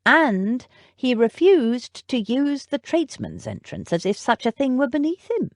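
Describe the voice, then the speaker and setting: A composed, formal male butler who never loses his polish, as a woman narrator puts him on, his delivery slow and soft-spoken. The lines come measured and unruffled, with a lively rise and fall. It's a dry, close audiobook recording. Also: high voice, no room sound, pitched above the performer's own voice, exaggerated voice. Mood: thoughtful. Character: proper older male butler, smooth and composed.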